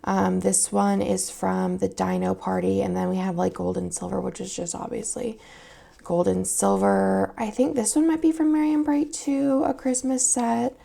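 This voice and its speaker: A young woman chatting casually as she plans, rambling and thinking aloud with lots of fillers in a gravelly morning voice. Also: mid-range voice, steady tone, moderate pace, few pauses, dark tone. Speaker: planner vlogger and shop owner. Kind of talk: casual craft vlog chat.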